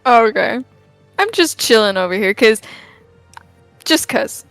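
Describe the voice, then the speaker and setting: A woman's voice: on the high side, lively intonation, unhurried, gravelly, fairly bright tone, dry recording, soft background music. A woman playing a tabletop game, hesitant and self-conscious, trailing off. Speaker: player. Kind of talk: casual tabletop play.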